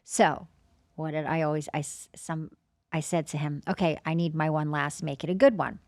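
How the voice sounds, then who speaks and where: A woman working as a medium, chatting and telling stories in a podcast, animated and acting out her own inner dialogue. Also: deep voice, normal speed, no echo. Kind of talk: casual storytelling chat.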